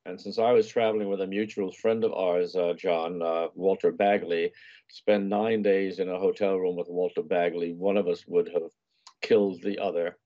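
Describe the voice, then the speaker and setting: Older male guest, low mellow voice, rambling anecdote, muffled lo-fi audio. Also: fairly even intonation, normal speed. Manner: meandering, with many fillers and restarts. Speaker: guest, food and travel writer. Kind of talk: casual storytelling chat.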